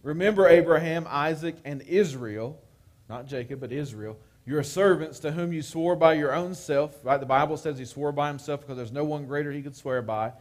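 A man's voice: on the high side, brisk, hardly any pauses, darkish tone. A man preaching a live-streamed sermon, talking conversationally and often checking in with "right?". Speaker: pastor.

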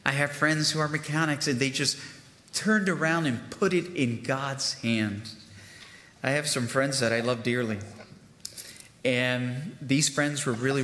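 Fervent preacher in an echoey church. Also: male voice, medium pitch, sharp tone. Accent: Spanish-speaking bilingual. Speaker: guest preacher. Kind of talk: sermon. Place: church sanctuary. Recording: echoey church with long reverb.

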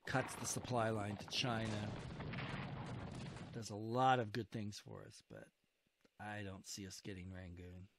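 A man's voice: fairly low pitch, little pitch movement, measured pace, pauses often, a bit bright, a little hiss or hum. A man playing a strategy wargame who comments casually, urges his units on and reacts to each turn with groans and cheers. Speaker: wargame video host. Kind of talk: casual let's-play commentary.

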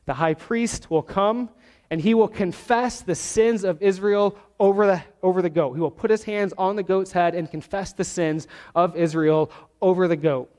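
A man preaching a sermon as pastor, teaching verse by verse and slowing down to stress key words. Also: high voice, darkish tone. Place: church sanctuary. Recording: long hall reverb.

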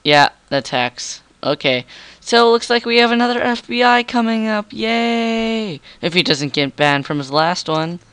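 A man's voice: high-pitched, animated, a little slow, fairly bright tone, smooth, dry recording. A teenage boy doing goofy, rambling commentary over his game, with a frog in his throat. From Canada. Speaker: gamer. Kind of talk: gameplay commentary.

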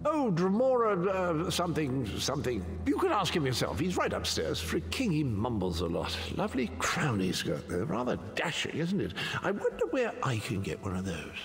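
A man's voice: fairly high pitch, wildly swooping pitch, moderate pace, hardly any pauses, big-room sound, faint music behind. An actor playing a vain, theatrical male knight in a video game, with flowery, pompous delivery. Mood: airy.

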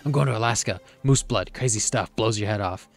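A man voicing a loud, brash young male mosquito who talks in slang, raised well above his own pitch. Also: brisk, faint music behind, natural voice. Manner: slangy, boastful, shouting.

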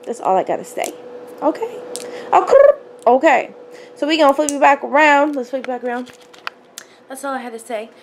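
A young woman, hoarse from a cold, chatting sassily to her phone camera and calling her viewers honey. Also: sits high, a little fast, long pauses, slight background noise. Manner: sassy, playful, addresses viewers as honey and y'all. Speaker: jewelry vlogger. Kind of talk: casual chat to camera. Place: small room at home. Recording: echoey room with faint ambience.

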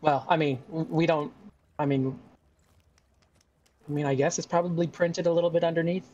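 A man's voice: on the high side, flat delivery, normal speed, darkish tone, highs cut off, slight background noise. A man playing a tabletop game casually, often stammering and restarting his sentences. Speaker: player.

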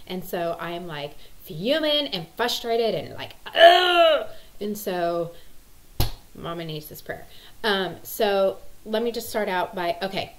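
A woman's voice: lowish voice, a little hiss or hum, poor audio. A woman, a mom vlogging in a rambling, casual chat full of ums. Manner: chatty, rambling, lots of ums.

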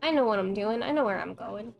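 A woman's voice: mid-range voice, expressive, brisk, gravelly, poor audio. A young woman streaming a horror game, thinking aloud and swearing freely as she plays. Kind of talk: casual gameplay commentary. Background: faint game music.

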